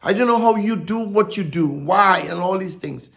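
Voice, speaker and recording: A man preaching a sermon, halting and repeating words, swinging from soft reflection to emphatic declarations. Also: sits high, creaky.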